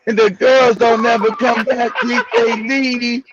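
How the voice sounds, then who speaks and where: Man putting on a sleepy, drawling grown man in a teasing impression, high voice, muffled stream audio. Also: flat delivery, unhurried, a loud crowd. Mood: mocking. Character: drowsy, rambling grown man in a mock impression.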